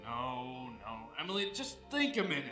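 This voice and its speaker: A teenage boy playing a calm father soothing his daughter in a high school stage play. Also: moderate pace, faint music behind. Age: teens. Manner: soothing, reassuring. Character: steady father of the bride. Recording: echoey auditorium stage.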